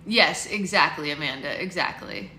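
A woman's voice: deep voice, moderate pace, pushed and bright. A woman hosting a book club livestream from home, chatting in a rambling way with viewers and reading aloud. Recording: roomy echo, faint noise.

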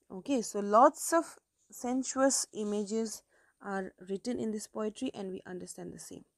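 A woman's voice: fairly high pitch, darkish tone, no echo, clean studio sound. A woman teaching an English literature lesson for exam preparation, explaining step by step with frequent okays and self-corrections. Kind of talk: exam-prep lecture.

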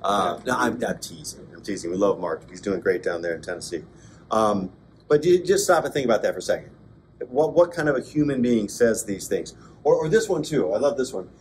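A man, a pastor, giving a conversational Bible class lecture, with joking asides and bursts of excited emphasis. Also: on the low side, brisk, a little hiss or hum. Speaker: pastor teaching an adult class. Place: church classroom.

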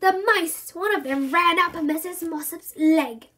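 A woman voicing a harried, strict mother in a children's storybook reading. The mother scolds sharply and loudly. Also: very high voice, unhurried, voice pushed up, full character voice. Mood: scolding.

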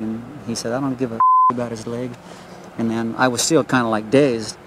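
An older man talks fast outdoors on a residential street, telling a detective how he was attacked. He stumbles and repeats words, slipping into quoting the other people involved. His pitch sits in a middle range. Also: little pitch movement, very noisy. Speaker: assault victim. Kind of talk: recounting events to police.

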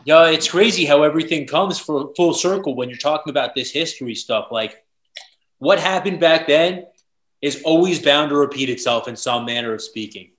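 A man's voice: a little high, moderate pace, a bit bright. A man hosting a podcast, asking plain, curious questions in casual chat. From United States. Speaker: podcast host. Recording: roomy echo.

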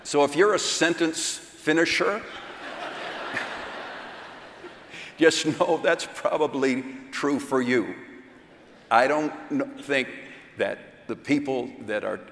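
A man of middle pitch speaks slowly and deliberately, leading a seminar at a church conference. His delivery is self-deprecating, with quick chuckles between points. He is recorded in a big room with a long, echoey reverb. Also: creaky, fairly bright tone, slight background noise. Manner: slow, unhurried delivery. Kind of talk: church seminar talk with humor. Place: large hall at a church conference.

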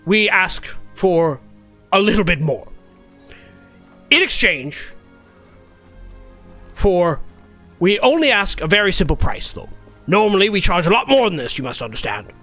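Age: adult. Figure: a man putting on a gruff greedy troll guard. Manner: blunt, bossy. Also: sits high, big pitch swings, unhurried, pauses often, bright, forceful tone, soft background music, full character voice. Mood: haggling.

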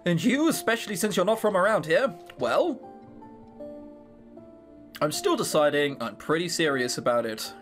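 Guy reading out a nice nervous girl student, polite, bouncy pitch. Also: big pitch swings, moderate pace, long pauses, fairly bright tone, soft background music. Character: friendly young female foreign student.

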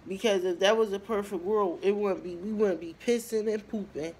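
A woman in her twenties talking casually to her viewers, telling her story with lively bursts and lots of fillers and pauses. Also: mid-range voice, slight background noise. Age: 20s. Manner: chatty, animated storytelling, addresses viewers as y'all; frequent fillers and trailing pauses. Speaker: vlogger. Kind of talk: casual talk to camera.

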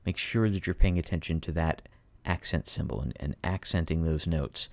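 A man's voice: deep voice, normal speed, creaky, darkish tone, no room sound. A man teaching piano, patiently walking students through a piece step by step. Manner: patient, methodical, emphatic explanations.

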